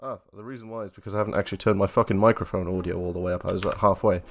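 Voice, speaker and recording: A man's voice: deep voice, little pitch movement, rapid-fire, slight background noise. A man commentating his own gameplay on a stream, wry and sarcastic, swearing casually as he reads along. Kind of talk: let's play commentary.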